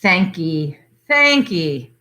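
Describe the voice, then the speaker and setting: A woman's voice: lowish voice, very animated, extremely slow, sharp tone, exaggerated voice. A woman voicing a sly old country aunt. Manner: knowing, chuckling, broad dialect. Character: sly old deaf-feigning aunt, dialect-speaking.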